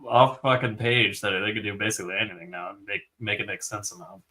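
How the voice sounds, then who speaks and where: A man co-hosting a podcast, chatting excitedly about a fantasy book, swearing often and filling his talk with "like". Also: fairly low pitch, fast. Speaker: podcast co-host. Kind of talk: casual book discussion.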